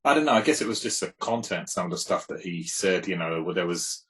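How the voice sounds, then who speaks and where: A man's voice: low voice, lively intonation, a little fast, a bit bright, low-quality recording. A man, talking in a casual, rambling and reflective way as a guest in a conversation. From England. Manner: laid-back, rambling and reflective. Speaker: guest, hip hop producer.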